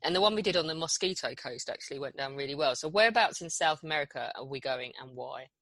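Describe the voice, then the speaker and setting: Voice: mid-range voice, lively intonation, fast, fairly bright tone, no room sound. A podcast co-host who chats playfully and makes jokey asides. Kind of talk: casual conversational podcast chat.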